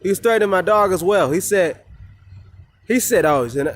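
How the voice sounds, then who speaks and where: Vlogger, male, slightly high voice, loose rambling rant full of swearing and fillers. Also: expressive, moderate pace. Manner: rambling, profane, many fillers and restarts. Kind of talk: casual rambling vent.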